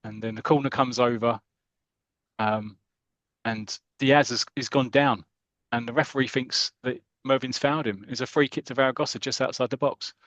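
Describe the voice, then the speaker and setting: A man's voice: mid-range voice, fairly even intonation, moderate pace, a bit bright, dry recording. A British man co-hosting a podcast, casually retelling a football comic story, acting out the characters and calling the action like live commentary. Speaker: podcast co-host.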